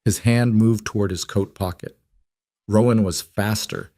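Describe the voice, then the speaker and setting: A man narrating a western story in a measured, dramatic way. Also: on the low side, steady tone, dark tone, no echo, clean studio sound. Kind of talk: scripted narration.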